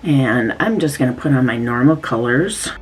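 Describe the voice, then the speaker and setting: A woman's voice: a bass voice, expressive, moderate pace, poor audio. A woman casually talking through her makeup routine step by step, chatty and easygoing as she demonstrates. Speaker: beauty vlogger.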